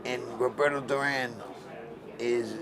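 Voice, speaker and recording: A man's voice: medium pitch, fairly even intonation, a little slow. A man in his sixties, a former boxer, talking bluntly and emphatically in an interview and often restarting his phrases. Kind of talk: interview storytelling. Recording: crowd noise around the mic. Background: crowd murmur.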